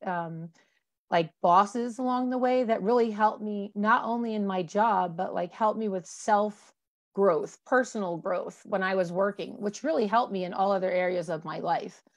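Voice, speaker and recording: Woman in her 40s talking about her life, lots of ums and restarts, thoughtful. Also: medium pitch. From Colorado, USA. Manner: reflective, many fillers and restarts. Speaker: interview guest. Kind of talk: candid personal conversation.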